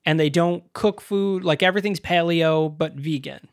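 A man's voice: a little high, normal speed, no echo, clean studio sound. A man co-hosting a podcast, chatting casually about a movie, laughing often and swearing when annoyed. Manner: laughing, exasperated, swears freely. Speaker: podcast co-host. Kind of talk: casual movie review chat.

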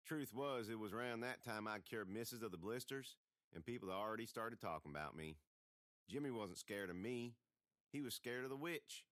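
A man's voice: on the low side, moderate pace, a bit bright, no room sound, clean studio sound. A man reading a folksy first-person story aloud as an audiobook narrator.

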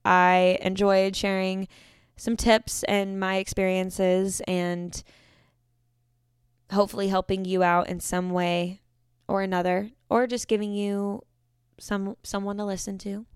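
A woman's voice: medium pitch, flat delivery, measured pace, clear, resonant tone, no echo. Young woman, solo podcast host, casual rambling chat, self-correcting, dry close recording. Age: 20s.

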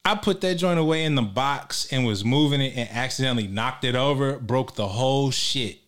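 A man's voice: medium pitch, moderate pace, a bit bright. Rambling laid-back man hosting a podcast. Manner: rambling, laughing, lots of fillers. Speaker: podcast host. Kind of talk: casual chat.

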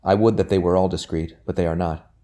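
Storybook figure: a man playing an anxious young gentleman, fretful, peevish, deep-voiced. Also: steady tone, fast, natural voice. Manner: fretful, complaining.

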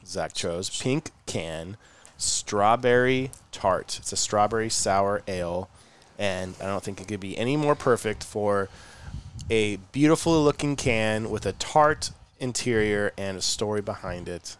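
A man's voice: on the low side, animated, measured pace, slight background noise. A man co-hosting a casual podcast, laid-back, chatting and presenting a beer and its brewery story. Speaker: podcast co-host. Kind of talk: casual chat, beer review.

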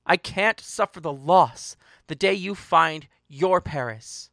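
A storyteller voicing a distraught young woman who pleads slowly and insistently that she is not the person mistaken for her. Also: mid-range voice, fairly bright tone, no room sound, clean studio sound. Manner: pleading, insistent, slow and emphatic. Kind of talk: dramatic audiobook reading.

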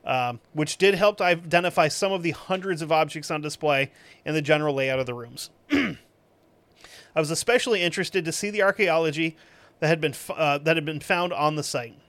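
A man with a somewhat high voice reads reviews aloud and cuts in with sarcastic, profane, deadpan asides. The sound is dry and close, with no room around it. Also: moderate pace, dry recording. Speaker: podcast host. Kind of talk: reading reviews aloud with comic commentary.

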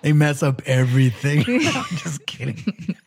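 A man's voice: a little high, big pitch swings, a little slow, creaky, husky. A man co-hosting a casual podcast chat about relationships, who laughs often and restarts his sentences. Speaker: podcast co-host.

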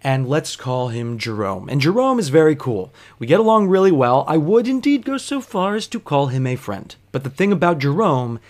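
A man's voice: a little high, big pitch swings, normal speed, few pauses. Exasperated, swearing man telling a story. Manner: exasperated, profane, incredulous. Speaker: bartender. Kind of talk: comic storytelling monologue.

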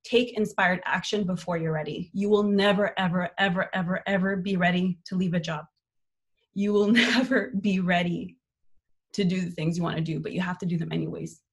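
A woman's voice: lowish voice, fairly even intonation, brisk. Candid, upbeat woman coach. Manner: candid, upbeat, casually swearing. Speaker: workshop host and life coach. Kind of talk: live online motivational workshop.

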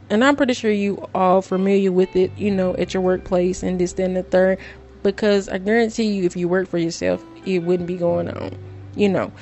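A woman's voice: medium pitch, mellow. Emotional woman podcast host. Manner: emotional, preachy, talks straight to listeners. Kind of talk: casual monologue.

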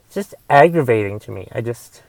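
A man's voice: mid-range voice, expressive, a little fast, creaky, no room sound. A young man hosting a solo podcast, ranting in a casual, rambling way with restarts and swearing. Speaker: podcast host.

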